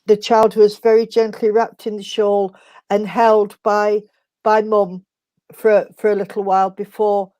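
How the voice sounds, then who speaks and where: A middle-aged woman gives a spiritualist reading, her voice mellow and dark. She speaks gently and haltingly, restarting phrases and calling the listener sweetheart. The sound is dry and close. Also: mid-range voice, level tone, dry recording. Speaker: spiritualist medium. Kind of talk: mediumship reading in an online service.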